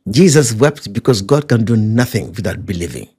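A man leading a Bible study, teaching with animated retellings of scripture scenes. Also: normal speed, breathy edge. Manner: animated, acts out quotes with high pitch jumps. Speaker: preacher.

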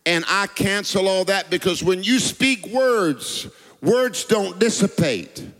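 A man's voice: high-pitched, takes it slowly, fairly bright tone, long reverb tail, faint music behind. A man, preaching a sermon in a rhythmic, sing-song cadence and calling out to the congregation. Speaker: pastor.

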